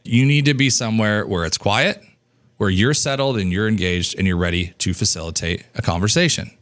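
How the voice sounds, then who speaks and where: A man in his thirties teaching business coaching in an energetic, casual way, acting out snippets of dialogue and swearing now and then. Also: a little fast. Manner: animated, acts out dialogue in a higher voice, casual swearing.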